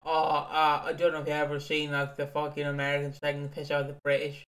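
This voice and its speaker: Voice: mid-range voice, completely flat delivery, fast talker, fairly bright tone, far from the mic. A podcast co-host rambling in casual chat and swearing freely. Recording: roomy echo.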